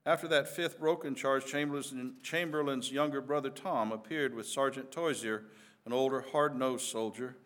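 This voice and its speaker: A man's voice: medium pitch, steady tone, moderate pace, a bit bright. A man narrating a dramatic historical battle story with vivid, emphatic delivery.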